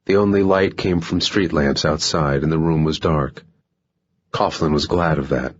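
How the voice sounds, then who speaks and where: A man narrating a thriller audiobook in a measured, even way. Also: rumbling low, lo-fi sound. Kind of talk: scripted narration.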